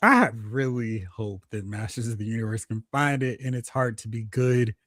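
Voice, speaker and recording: A man's voice: medium pitch, animated, moderate pace, fairly bright tone, dry recording, clean studio sound. A man hosting a casual movie podcast, teasing his co-hosts and reading out comments from the chat. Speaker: podcast host.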